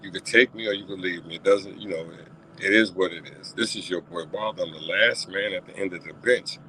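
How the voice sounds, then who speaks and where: A lower-voiced man hosts his own sports talk stream off the cuff. He repeats himself and pushes his voice up toward near-shouting when he gets heated. There's a faint hum of noise behind him. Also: brisk, low-quality recording. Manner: passionate, repetitive, rising to near-shouting rants. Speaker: talk show host.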